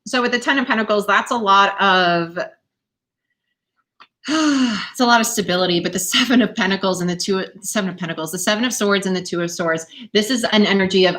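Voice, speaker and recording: A young adult woman reads tarot cards live for her viewers from home. She talks in an animated, encouraging way and laughs often between her points. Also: mid-range voice, moderate pace. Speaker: tarot reader. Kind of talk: live-stream tarot reading. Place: home, dog nearby.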